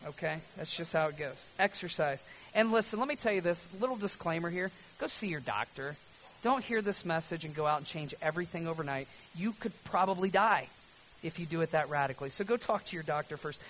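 A man preaching a sermon as pastor, lively and conversational, swinging from loud emphatic lines to a hushed, almost whispered delivery. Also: sits high, poor audio.

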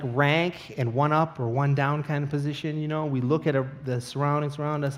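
A middle-aged man preaching a sermon, telling a comic personal story with animated asides before turning to scripture. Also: a little high. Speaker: pastor.

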